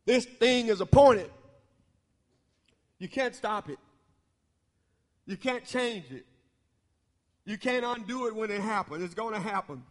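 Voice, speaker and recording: A man preaching a sermon in a church, using call-and-response and swelling into half-sung shouts. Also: high voice, normal speed. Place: church sanctuary. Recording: long church hall reverb.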